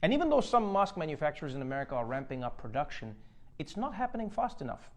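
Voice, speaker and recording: A man's voice: a little high, sing-song, fast talker. Man hosting a sarcastic news monologue. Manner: joking, sarcastic delivery with acted-out bits. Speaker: comedy host.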